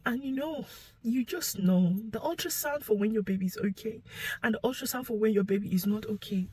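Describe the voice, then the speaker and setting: A young woman telling a painful personal story to camera, emotional and halting, sometimes sinking to a whisper. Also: fairly high pitch, warm tone, husky, low-quality recording. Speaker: vlogger sharing her story.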